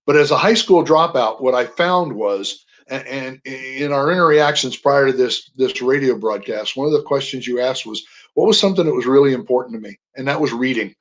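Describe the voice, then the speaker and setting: An older man, a guest on a radio interview, telling personal stories with animated emphasis on single words. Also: medium pitch, brisk, low-quality recording. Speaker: guest, veteran.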